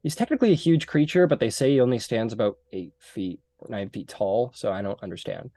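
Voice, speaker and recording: A man's voice: mid-range voice, lively intonation, a little fast, mellow, no echo. A man narrating a tabletop game as game master, casual and rambling with many fillers.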